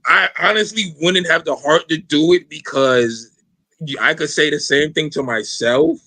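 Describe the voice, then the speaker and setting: A man's voice: a little high, moderate pace, sharp tone, no room sound. A man hosting a casual podcast, talking loosely in slang with lots of fillers and swearing. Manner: loose, rambling, profane slang with many fillers. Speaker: podcast host.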